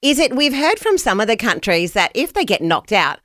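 A woman's voice: on the high side, very animated, fairly quick, fairly bright tone, no echo, studio quality. A woman co-hosting a live show, chatting in a bubbly, casual way. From half New Zealand. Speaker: co-host.

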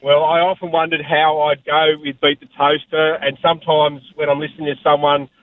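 A man calling in to a radio quiz, answering quickly and eagerly. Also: a little high, flat delivery, no echo, narrow, tinny audio. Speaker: caller, quiz contestant.

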